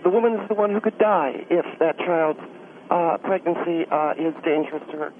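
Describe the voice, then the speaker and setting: A man's voice: a little high, moderate pace, voice pushed up, close to an everyday voice. Man doing a prissy woman candidate. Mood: lecturing. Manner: prissy, condescending, fussy. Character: prim middle-aged woman political candidate. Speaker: radio show guest. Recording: tinny phone-line sound, faint hiss.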